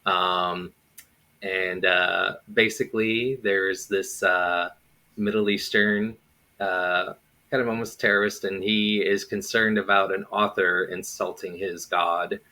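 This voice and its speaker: Slow, deep-voiced man with a sharp edge. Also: little pitch movement, low-quality recording. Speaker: interview host and stage actor. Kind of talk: casual interview chat.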